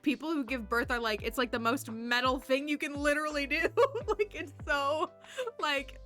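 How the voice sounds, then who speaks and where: A woman's voice: mid-range voice, pushed and bright. A woman streamer in casual, rambling chat while she plays a game, talking with fillers and laughing often. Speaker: livestreamer.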